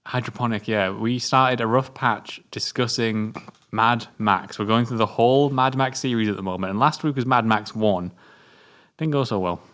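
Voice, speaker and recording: A British man with an average-pitched voice hosts a casual film review show. He moves things along briskly and teases his co-host with dry quips. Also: a bit bright. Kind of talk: casual film chat with scripted intro.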